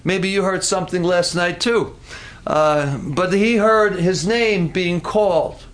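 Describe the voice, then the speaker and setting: A man preaching a sermon, telling the story in an animated way and slowing down for dramatic emphasis. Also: sits high. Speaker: pastor.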